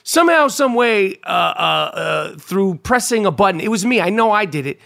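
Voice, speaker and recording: A man with a high-pitched voice talks through a casual solo monologue as a podcast host. He rambles and swears freely. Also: big pitch swings, normal speed, vocal fry, fairly bright tone. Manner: profane, rambling storyteller. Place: New York.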